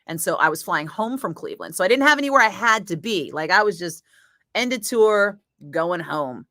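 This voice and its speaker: A woman radio DJ chatting casually with viewers, telling a story in a lively, swearing style and acting out the other people's lines. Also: medium pitch, normal speed, no room sound, clean studio sound. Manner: chatty storyteller, swears freely, acts out voices. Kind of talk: casual chat.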